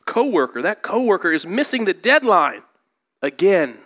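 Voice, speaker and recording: A male pastor preaching a sermon in a church, moving from slow scripture reading into lively storytelling. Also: sits high.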